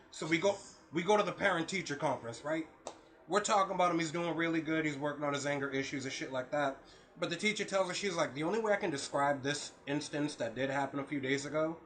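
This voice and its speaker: Animated, profane young man telling stories. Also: a little high. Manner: animated, profane, acts out quotes. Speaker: podcast co-host. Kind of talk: casual storytelling chat.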